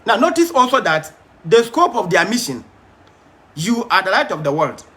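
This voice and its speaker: A male preacher gives a Bible study sermon in a high, lively, bright voice. He is emphatic, stumbles and repeats words, and stops to put questions to his listeners. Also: normal speed. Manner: asks the audience questions.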